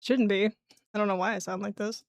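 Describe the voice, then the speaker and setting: A young adult woman streaming live, her voice a little throaty after eating, chatting casually and clearing her throat often. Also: medium pitch, steady tone, moderate pace, no echo.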